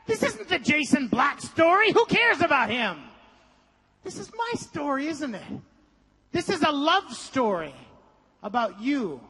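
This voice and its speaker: A man's voice: extremely high pitch, sharp tone, slightly rough, long reverb tail. A man leading a motivational seminar, coaching the audience energetically and breaking into song. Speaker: seminar speaker. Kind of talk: motivational seminar with group singing.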